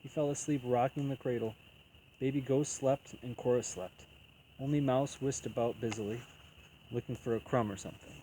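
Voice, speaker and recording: A man reading a children's picture book aloud as storyteller, in an even, unhurried way. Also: mid-range voice, a little hiss or hum, poor audio.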